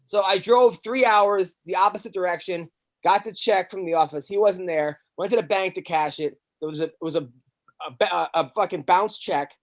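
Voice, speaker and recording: A man, a stand-up comic hosting a podcast, tells a long, rambling story in casual chat, animated and profane, often stammering and restarting his sentences. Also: high-pitched, moderate pace.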